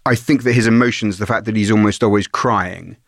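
A man's voice: fairly low pitch, brisk, creaky, no room sound, clean studio sound. A middle-aged man co-hosting a conversational history podcast, explaining his points analytically with examples. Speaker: podcast co-host.

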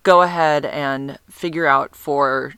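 A woman's voice: deep voice, fairly even intonation, takes it slowly, pushed and bright, smooth, no room sound. A woman in her forties telling a rambling dating story in a casual vlog, full of fillers and asides. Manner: chatty, rambling, lots of fillers and self-interruptions. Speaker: vlogger.

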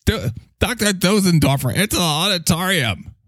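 A man's voice: sits high, animated, moderate pace, fairly bright tone, no echo, voice pushed up. A man voicing a bossy male spirit who fusses and complains at the person channeling him. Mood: bustling. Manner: fussy, complaining, theatrical.

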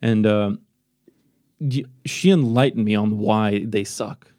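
A man's voice: on the low side, slow pace, warm tone. A man from Romania, a non-native English speaker, hosting a casual podcast chat, rambling and self-deprecating, swearing freely. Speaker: podcast host. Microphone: podcast microphone.

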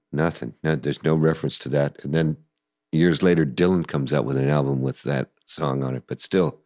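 An older man telling stories in a casual interview, animated and acting out voices and sounds. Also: very deep voice, dry recording, studio quality. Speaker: guest musician recalling the past.

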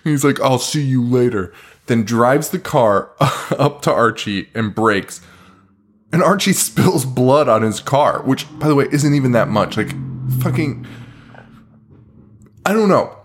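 A man's voice: mid-range voice, expressive, a little slow, long pauses, husky. A man co-hosting a podcast, recapping a bad horror movie in casual chat, swearing freely and laughing often. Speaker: podcast co-host.

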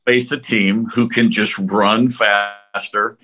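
A man's voice: fairly low pitch, flat delivery, slow, sharp tone. A man co-hosting a podcast, talking casually about college basketball and betting, rambling with many restarts. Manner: rambling, with repeated restarts and laughs. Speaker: podcast co-host. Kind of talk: casual sports chat.

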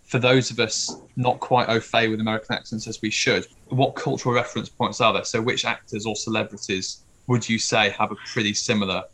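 A man with a somewhat low voice hosts a casual podcast. He asks questions and makes segues in a wry, dry way. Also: flat delivery, fairly quick, few pauses, sharp tone. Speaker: podcast host.

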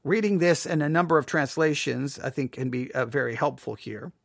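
This Bible teacher runs a devotional study where he reads scripture and then unpacks it casually, occasionally performing the voices of the proud and the doubter. His voice is on the high side, brisk and creaky, captured as clean studio sound with no room sound.

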